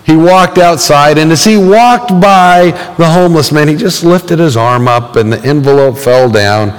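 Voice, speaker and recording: Pastor, man, slightly high voice, relaxed storytelling sermon with fillers, long church reverb. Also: moderate pace, smooth. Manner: conversational storytelling with frequent fillers, acting out quoted voices.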